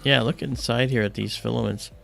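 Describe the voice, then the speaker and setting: A man's voice: medium pitch, steady tone, fairly quick, gravelly, fairly bright tone, soft background music. A man hosting an astronomy livestream, explaining things step by step in a loose, casual way.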